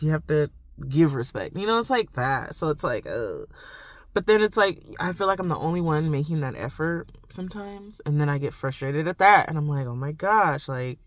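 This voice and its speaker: A woman's voice: sits low, no room sound. A woman vlogging a rambling, reflective monologue, full of "like" and "you know". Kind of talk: confessional casual monologue to camera.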